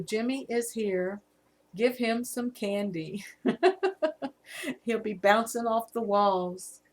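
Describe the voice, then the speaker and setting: A woman in her fifties with a Southern US accent, casually chatting on a live stream and reading viewer comments aloud. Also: medium pitch. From Virginia, USA. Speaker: livestream host.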